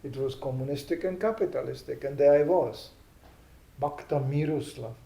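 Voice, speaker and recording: An older man from Czechoslovakia, giving a humorous sermon as a spiritual teacher, animated and acting out comic voices. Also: medium pitch, moderate pace, vocal fry. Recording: roomy hall echo.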